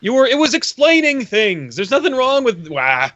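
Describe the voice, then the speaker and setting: Man, podcast co-host, high bright voice, blunt jokes, dry close muffled sound. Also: sing-song, moderate pace, no echo. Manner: blunt, joking. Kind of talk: casual chat.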